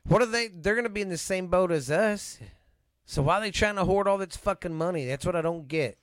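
A middle-aged man with a Texan accent co-hosts a casual podcast, ranting and swearing heavily. His voice sits high and moves fairly quickly, recorded with clean studio sound and no echo.

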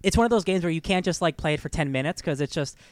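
A man co-hosting a podcast in casual chat, telling stories in a rambling, animated way with many fillers. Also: on the high side, fast talker, dry recording. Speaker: podcast co-host.

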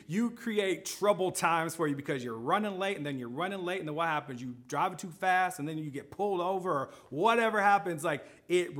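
A man's voice: fairly high pitch, a bit bright. A man preaching a sermon, telling a personal story in a loose conversational way with frequent restarts.

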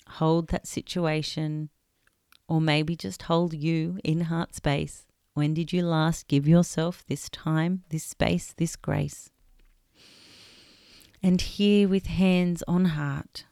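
A woman guides a meditation in a low, mellow voice. She speaks slowly and gently, leaving long pauses, and her tone is smooth. The sound is close and dry. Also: dry recording. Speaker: meditation guide and podcast host.

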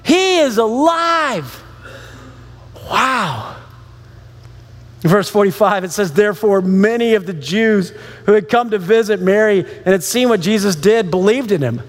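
A male pastor with a high voice preaching in a casual, lively storytelling manner. He chats with the crowd and acts out the people in the story. The sound rings with the long reverb of a large hall. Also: brisk. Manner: casual, animated storytelling with laughs and acted-out dialogue. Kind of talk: sermon.

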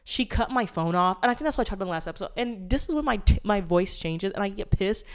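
A woman's voice: mid-range voice, animated, quick pace. A young woman in her twenties hosting a casual solo podcast, talking candidly and rambling with lots of fillers and swearing. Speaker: podcast host.

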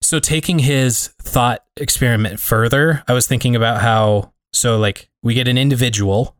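A man's voice: medium pitch, normal speed, no echo, clean studio sound. A man co-hosting a podcast, talking in a reflective, rambling way full of fillers. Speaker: podcast co-host. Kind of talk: casual conversation.

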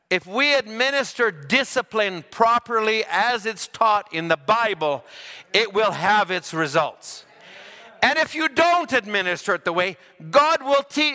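A man preaching a folksy sermon, joking between loud, drawn-out scripture readings. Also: high voice, long reverb tail.

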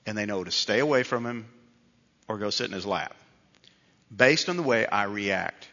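A man's voice: fairly low pitch, lively intonation, moderate pace, pushed and bright. A middle-aged man preaching a sermon in a conversational, self-deprecating storytelling way. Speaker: pastor. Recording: dull reverberant hall sound.

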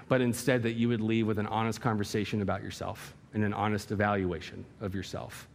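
A male pastor preaching a sermon in a church hall, emphatic and full of rhetorical questions and vivid illustration. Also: on the low side.

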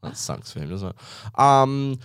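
A man co-hosting a casual chat, gossipy and joking, quick to laugh. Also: mid-range voice, sing-song, fairly bright tone, clear, resonant tone, no echo, clean studio sound. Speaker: podcast co-host.

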